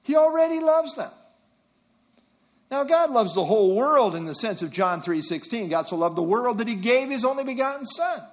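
An older man preaching an expository sermon, teaching through verse references and rhetorical questions. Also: high voice.

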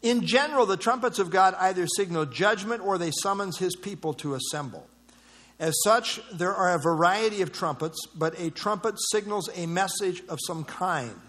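A man's voice: sits high, moderate pace, a bit bright. A man teaching a Bible study, reading verses aloud and explaining them in a conversational way, with fillers and restarts.

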